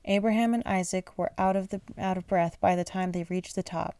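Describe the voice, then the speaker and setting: A woman's voice: mid-range voice, fairly even intonation, fairly quick, mellow, dry recording. A woman reading a children's bible aloud at bedtime, sleepy and yawning, often stumbling over words and apologizing. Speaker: reader.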